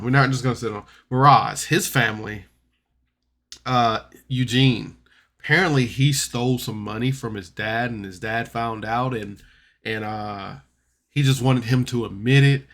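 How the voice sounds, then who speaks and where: A man talks through a podcast recap of a tabletop game in a loose, rambling way. His voice sits at an ordinary middle pitch. He stops and restarts a lot, filling the gaps with ums and uhs. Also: a little slow, fairly bright tone. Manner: rambling, chatty, many fillers and restarts. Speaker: podcast reviewer.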